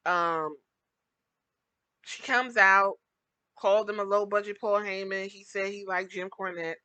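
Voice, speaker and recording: A woman hosting a podcast, giving blunt, animated commentary and slipping into mock voices to make her points. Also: mid-range voice, a little slow, clear, resonant tone, dry recording, low-quality recording. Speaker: podcast host.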